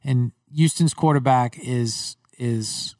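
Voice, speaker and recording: A man's voice: medium pitch, takes it slowly, a little mellow, distant mic. A man with a Long Island accent co-hosting a casual chat show, telling stories in a rambling way with many restarts. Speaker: podcast co-host.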